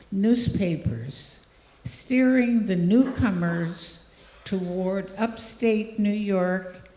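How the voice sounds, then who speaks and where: An older woman giving a gracious, deliberate speech as an honored guest at a ceremony. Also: medium pitch, mellow. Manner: very slow, deliberate, gracious delivery. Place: large hall. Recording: echoey hall with long reverb.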